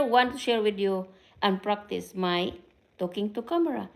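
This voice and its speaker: A woman's voice: medium pitch, moderate pace, creaky. A middle-aged woman from the Philippines with a Filipino accent, chatting casually to her viewers on a live stream and recording into a camera mic. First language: Tagalog. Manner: chatty, mixes in Tagalog, greets viewers by name. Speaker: vlogger and care worker.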